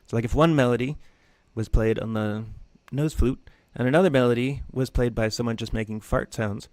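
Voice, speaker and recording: Relaxed man teaching music theory. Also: mid-range voice, moderate pace, no echo. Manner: loose, conversational, jokey asides. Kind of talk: casual lecture.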